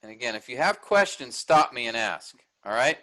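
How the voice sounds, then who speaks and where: A man's voice: medium pitch, very animated, moderate pace, bright, forceful tone, low-quality recording. A man teaching an online workshop, explaining a text step by step and checking in with his listeners.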